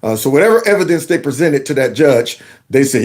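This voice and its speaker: A man's voice: medium pitch, very animated, fairly quick, darkish tone. A man hosting a political commentary show, reacting to news clips with sarcastic, mocking rhetorical questions and casual colloquial talk. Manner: casual colloquial speech with y'all.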